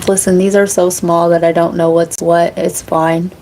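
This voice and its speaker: In a fairly low, warm voice with little pitch movement and a normal pace, an American tarot reader runs a laid-back livestream. She answers chat, rambling, laughing a lot and swearing now and then, over a rough recording with a bit of hiss or hum.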